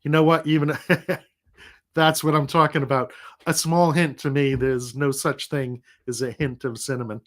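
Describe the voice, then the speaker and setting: A man's voice: mid-range voice, flat delivery, measured pace. A middle-aged man who is sick and recovering, hosting a casual livestream and chatting in a rambling, easygoing way, laughing now and then. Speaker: livestream host.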